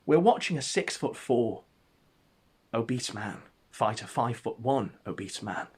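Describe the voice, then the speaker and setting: A man telling an absurd story as comedic narration, in a deadpan, mock-epic way. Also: medium pitch, measured pace, breathy edge.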